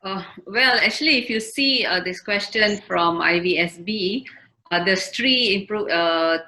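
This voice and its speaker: Bright-voiced woman on a video call. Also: mid-range voice, unhurried, rough recording. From Malaysia. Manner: frequent fillers and restarts, earnest. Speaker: health ministry official. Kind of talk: webinar panel discussion.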